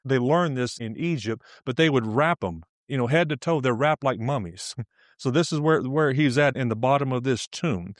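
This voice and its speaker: A man's voice: medium pitch, moderate pace, no echo, clean studio sound. A male preacher teaching a sermon, emphatic, repeating key phrases and laughing often as he speaks.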